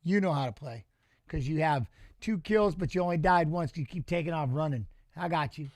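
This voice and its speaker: High-voiced animated man, dry close sound. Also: a little fast, no echo. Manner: animated storytelling, swears casually. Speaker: watch-along host and former fighter. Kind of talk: casual chat reading live chat.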